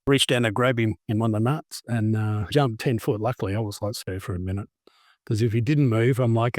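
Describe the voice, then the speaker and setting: A man's voice: on the low side, steady tone, a little fast, dry recording, clean studio sound. A man hosting a podcast interview, joking and telling long anecdotes in casual chat. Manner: jokey, tells long anecdotes. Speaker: podcast host.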